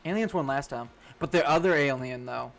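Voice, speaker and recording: A man's voice: mid-range voice, fairly quick, creaky, soft background music. A young man streaming a game, telling a rambling work story casually, swearing and laughing often. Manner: rambling, profane, laughs a lot. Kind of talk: casual storytelling while gaming.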